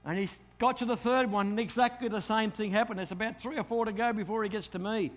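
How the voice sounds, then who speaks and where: A middle-aged Australian man, a pastor telling a lively story in a sermon and acting out his own thoughts. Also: high voice, quick pace, hardly any pauses.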